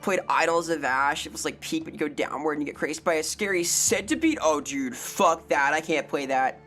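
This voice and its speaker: A young woman hosting a live stream, her voice sitting on the lower side for a woman. She rambles and jokes with a playful, off-the-cuff manner, reading out chat as she goes. Soft music plays faintly behind her. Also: moderate pace, hardly any pauses. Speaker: variety streamer.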